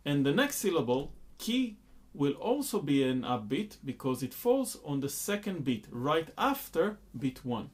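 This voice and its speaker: A man's voice: fairly high pitch, sing-song, a little slow, noisy background. A man teaching a rhythm lesson, patiently explaining beats and counting rhythm syllables aloud. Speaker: music teacher.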